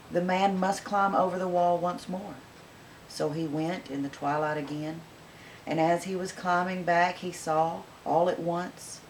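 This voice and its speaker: Woman storyteller, gentle expressive reading, slightly low pitch. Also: slight background noise, low-quality recording. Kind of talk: reading a fairy tale aloud.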